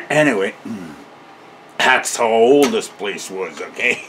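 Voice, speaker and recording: A man's voice: on the low side, big pitch swings, slow pace, fairly bright tone, a little hiss or hum. An older man telling a casual, rambling story, often chuckling and ending his sentences with a questioning "eh?".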